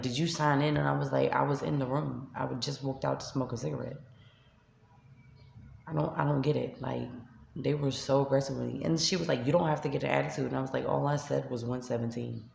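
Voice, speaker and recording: Gravelly New York woman venting. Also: a bass voice, steady tone, a little fast, a little mellow, reverberant, a little hiss or hum. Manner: upset, retelling an argument with quoted dialogue. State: tearful. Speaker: shelter resident. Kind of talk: venting vlog to camera. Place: shelter room by a street window.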